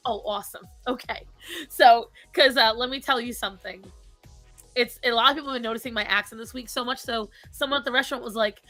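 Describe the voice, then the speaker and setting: A woman's voice: fairly high pitch, quick pace, bright, forceful tone, no echo, soft background music. A woman with a thick Rhode Island accent, telling stories in casual chat, laughing often and swearing freely. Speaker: podcast co-host.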